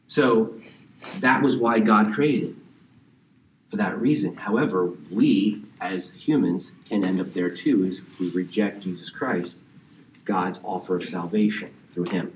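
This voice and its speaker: A man's voice: deep voice, unhurried, slight background noise. A pastor preaching a conversational verse-by-verse sermon, often checking in with his listeners. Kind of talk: expository sermon. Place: church sanctuary. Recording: roomy, distant church recording with faint ambience.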